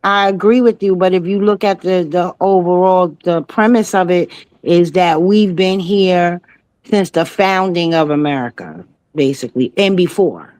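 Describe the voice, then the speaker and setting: A woman's voice: on the low side, moderate pace, a little mellow, poor audio. A woman co-hosting a casual talk show, chatty and laughing as she tells stories and quotes others. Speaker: co-host. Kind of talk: casual commentary chat.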